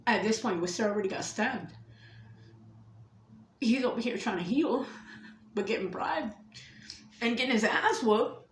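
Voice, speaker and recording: A mother telling a painful personal story, swearing often and shifting between hushed whispers and loud outbursts. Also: a little high, a little slow, pauses often, roomy sound, slight background noise.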